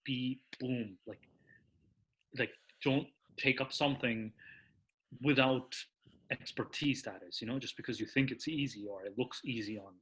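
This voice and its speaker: Husky bright-toned man chatting casually. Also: mid-range voice, a little slow. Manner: rambling, many fillers and restarts. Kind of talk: casual chat.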